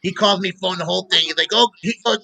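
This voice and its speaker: A man hosting a show, chatting casually and telling animated stories with laughter. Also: high-pitched, fast talker, gravelly, poor audio. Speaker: show host. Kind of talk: casual chat.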